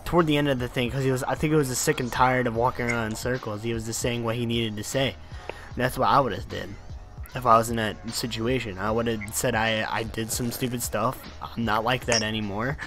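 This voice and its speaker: Young guy podcast host, swears a lot, rambly, mid pitch, faint music behind. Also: steady tone, fairly quick, a bit bright. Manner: profane, rambling, laughs often. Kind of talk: casual podcast chat.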